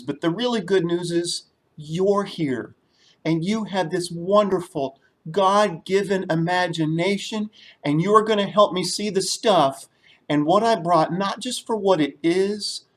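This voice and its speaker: A man telling a story to children in a church service. His voice is lively and animated, swinging up and down. He leads the group in playful call-and-response. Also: fairly high pitch.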